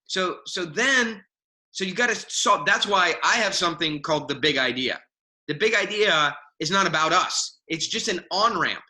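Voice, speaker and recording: A man talking as a guest mentor on a video call, animated and self-mocking, acting out quoted voices. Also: high-pitched, normal speed, rough recording. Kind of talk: casual video call chat.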